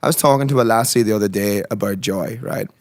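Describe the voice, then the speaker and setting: A man's voice: on the low side, fast talker, dry recording, clean studio sound. A man, a musician guest on a radio show, speaking earnestly and with heartfelt, preacher-like conviction. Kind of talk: casual conversational interview.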